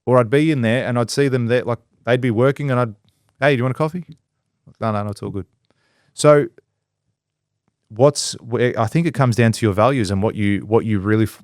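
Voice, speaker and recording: A man's voice: mid-range voice, dry recording, studio quality. A man on a casual podcast, a business owner who talks bluntly, swears freely and acts out quotes.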